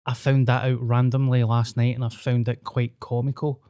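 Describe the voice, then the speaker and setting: Deadpan sweary Glaswegian man. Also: medium pitch, moderate pace, clear, resonant tone, no echo, clean studio sound. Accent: Glaswegian Scottish. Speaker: podcast host. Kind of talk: casual podcast chat. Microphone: podcast mic.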